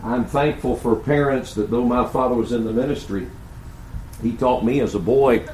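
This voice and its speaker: A man's voice: mid-range voice, normal speed, darkish tone, roomy sound, rough recording. An older man preaching a sermon, asking rhetorical questions and telling stories as the pastor. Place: church sanctuary.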